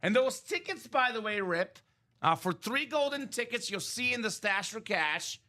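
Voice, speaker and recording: High bright-voiced male break host. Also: moderate pace. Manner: energetic, rambling, explains values with many asides. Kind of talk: live-stream sales chat.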